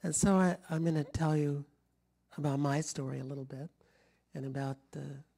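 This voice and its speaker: A middle-aged man from rural Kentucky, now with a General American accent, telling stories at a public talk in a rambling, warm-hearted way with frequent restarts. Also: a little high, steady tone, moderate pace, gravelly. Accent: General American, Kentucky accent trained out. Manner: rambling, restarts often, chuckles, moves around. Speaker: public speaker. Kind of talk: storytelling talk to an audience. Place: lecture room before a live audience.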